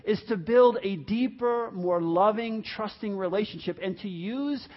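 High-pitched male pastor, chatty sermon delivery, slightly muffled recording. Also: a little slow. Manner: conversational, repeats words, acts out quoted people.

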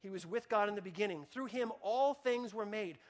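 A man's voice: sits high, fairly quick. A man preaching a sermon as a pastor, emphatic and given to repeating phrases and restarting his sentences.

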